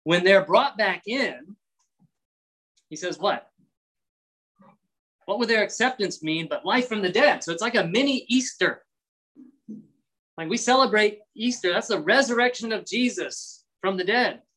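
A man's voice: sits high, expressive, measured pace, pauses often, sharp tone, poor audio. A man preaching an expository sermon, reading verses and explaining them in a conversational way, sometimes acting out voices. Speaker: pastor.

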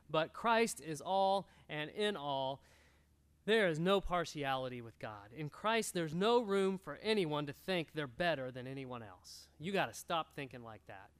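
Male pastor, high voice with a lot of swing, earnest sermon delivery that drives its points home. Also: a bit bright, clean tone. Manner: earnest, exhorting, repeats key phrases. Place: church room.

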